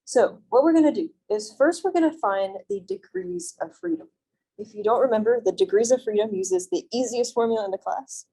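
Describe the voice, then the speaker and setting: A woman's voice: on the high side, lively intonation, brisk, mellow, husky, rough recording. A young woman teaching a college math lecture in a classroom, friendly and reassuring, often checking in with the students. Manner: friendly, reassuring, asks frequent check-in questions. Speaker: math instructor. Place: classroom, also streamed on video call.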